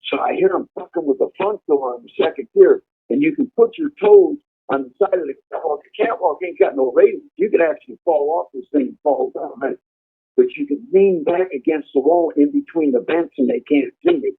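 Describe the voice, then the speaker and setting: A man's voice: high-pitched, huge pitch swings, fairly quick, creaky, breathy edge. A man telling a prison story in a blunt, vivid way, swearing freely as he goes. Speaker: storyteller recounting prison life. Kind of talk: casual profane storytelling. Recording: tinny phone-like line.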